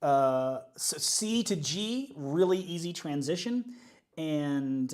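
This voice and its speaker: A man's voice: fairly high pitch, big pitch swings, takes it slowly, darkish tone. A man, a worship leader, chatting casually and upbeat on a livestream while working things out aloud.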